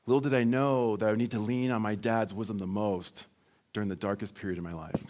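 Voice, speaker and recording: A man's voice: lowish voice, fast talker. Man telling a keynote story. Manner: lively storytelling with acted quotes. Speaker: keynote speaker.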